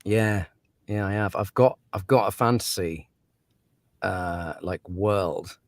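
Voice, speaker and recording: A man's voice: deep voice, takes it slowly, dry recording, studio quality. A man, an audiobook narrator chatting casually as an interview guest, laughing often and trailing off into fillers.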